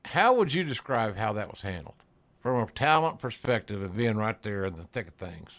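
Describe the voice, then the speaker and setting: A man's voice: on the low side, sing-song, normal speed, a bit bright. An older man hosting a podcast interview, telling stories in a folksy, salty manner. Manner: folksy, salty, chuckling storyteller. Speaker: podcast host. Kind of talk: casual interview chat.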